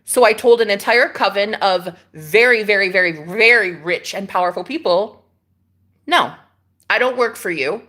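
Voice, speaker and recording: Sassy, animated woman chatting live. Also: medium pitch, moderate pace. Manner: sassy, animated and laughing, talks back to viewers' comments. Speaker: livestream host. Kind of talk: casual spiritual livestream chat. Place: rented room indoors.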